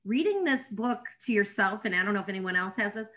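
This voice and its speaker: A woman's voice: mid-range voice, expressive, fast, fairly bright tone. A woman in a casual group chat, asking questions and restarting her sentences. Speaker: book club member.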